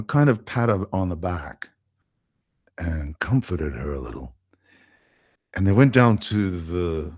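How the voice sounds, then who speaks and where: Deep, husky man telling a story. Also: no echo, studio quality. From Australia. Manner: heartfelt, with many restarts and fillers. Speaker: guest. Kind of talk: storytelling on a podcast.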